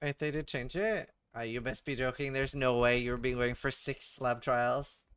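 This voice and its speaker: Smooth-voiced man streaming a game. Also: mid-range voice, steady tone, normal speed, a bit bright, no echo. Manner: swears and stammers, mutters to himself. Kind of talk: casual livestream chat while gaming.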